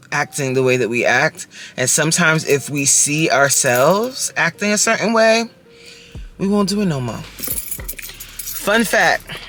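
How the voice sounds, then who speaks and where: A woman in her forties, a fitness coach vlogging casually from her car, talking straight to viewers with lively rhetorical questions. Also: low voice. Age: 40s. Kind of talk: casual chatty vlog while driving. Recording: faint car noise in background. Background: faint road and vehicle noise.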